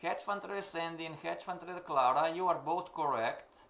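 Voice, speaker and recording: A man's voice: on the high side, normal speed, gravelly, fairly bright tone, a little hiss or hum. A man teaching a live-streamed trading class, emphatic and questioning, repeating his points to the students. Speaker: forex trading instructor.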